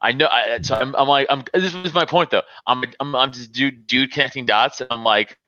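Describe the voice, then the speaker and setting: A man's voice: mid-range voice, fairly quick, bright, forceful tone, dry recording, lo-fi sound. A man telling rambling stories in casual chat, full of restarts and filler words. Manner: rambling storyteller, many restarts and "like". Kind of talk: casual banter.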